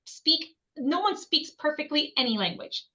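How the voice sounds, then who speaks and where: A woman's voice: high voice, expressive, unhurried, sharp tone, dull audio. A woman language educator speaking as a guest in a podcast interview, emphatic and repeating her points for stress.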